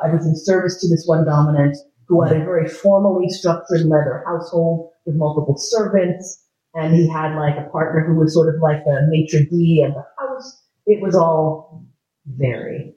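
A man with a slightly raised pitch gives a frank, humorous lecture, swearing casually as he tells personal stories. The recording is roomy and echoey. The sound is dull and lo-fi. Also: mellow.

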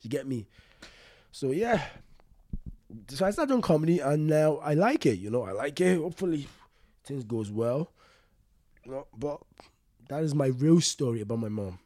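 A young man, a comedian speaking candidly in an interview, halting and repeating himself, often laughing. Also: mid-range voice, lively intonation, dark tone, no echo. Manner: halting, repeats words, frequent "you get me", laughs often. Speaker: stand-up comedian, guest.

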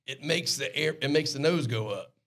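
A man with a South Carolina Lowcountry Southern accent, a guest chatting casually about flying and cooking, easygoing and agreeable. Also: moderate pace, fairly bright tone. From South Carolina, USA. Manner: easygoing, agreeable, keeps saying "that's right". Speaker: guest, airline pilot. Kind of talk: casual podcast conversation.

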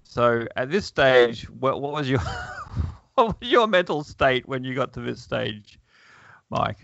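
A man's voice: medium pitch, sing-song, takes it slowly, gravelly, fairly bright tone, no room sound. A man hosting a podcast, reading a comic aloud in casual chat, wry and chuckling, with plenty of fillers. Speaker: podcast host. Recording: dull lo-fi, dry.

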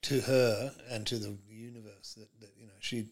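A man's voice: lowish voice, steady tone, moderate pace. A middle-aged man, a comedian telling stories as a podcast guest in a rambling way, full of fillers and restarts. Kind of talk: casual interview chat.

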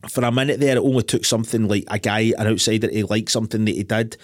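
A man's voice: fairly low pitch, fairly even intonation, fast, no room sound, clean studio sound. A Scottish man hosting a podcast, retelling film scenes in casual chat with plenty of swearing. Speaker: podcast host.

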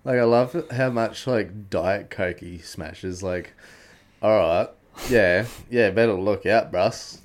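A man's voice: on the low side, slow pace. Sweary young Australian man. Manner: sweary, laughing, loud bursts when excited. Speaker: podcast co-host. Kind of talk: casual chat.

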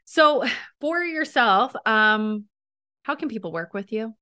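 A woman's voice: on the high side, animated, slow, bright, forceful tone. A woman hosting an interview, offering short encouraging affirmations. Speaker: podcast host. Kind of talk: casual interview.

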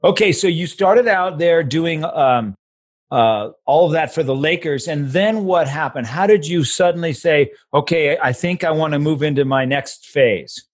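A man's voice: fairly high pitch, moderate pace. An older man hosting a podcast, chatting casually and steering the guest with questions. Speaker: podcast host. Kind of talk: casual interview chat.

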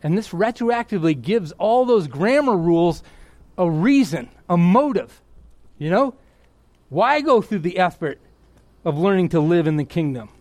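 A middle-aged man preaching with a high, bright voice, recorded dry and close with no room sound. He gets excited and loud, then sinks back to a hushed, earnest tone. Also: normal speed, dry recording. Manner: excitable, bursts into yelling then drops to quiet. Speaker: pastor. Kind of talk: sermon.

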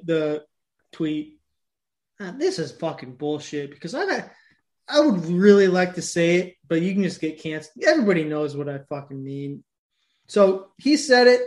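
A man with a speech impediment co-hosting a casual chat, blunt and swearing freely. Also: fairly high pitch. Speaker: podcast co-host.

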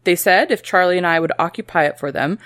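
A woman's voice: fairly low pitch, fast talker, a bit bright, dry recording. A woman co-hosting a casual history podcast, reading old quotes aloud and joking between passages. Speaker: podcast co-host.

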